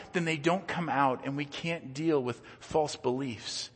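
A man's voice: fairly high pitch, moderate pace, few pauses, fairly bright tone, husky. Earnest male pastor in a reverberant church. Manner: earnest, conversational preaching with frequent word repeats. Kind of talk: sermon. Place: church sanctuary.

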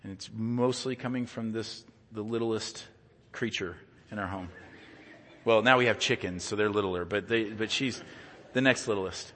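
A man's voice: on the low side, moderate pace, a bit bright, slight background noise. A man preaching a sermon as a pastor in a church, earnest and conversational, often repeating words as he goes. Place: church sanctuary. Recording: long church reverb.

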